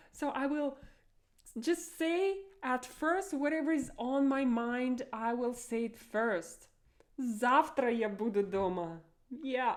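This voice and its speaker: A young Russian woman with a Russian accent, teaching a language lesson with slow, clear explanations and stressed example phrases. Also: on the high side.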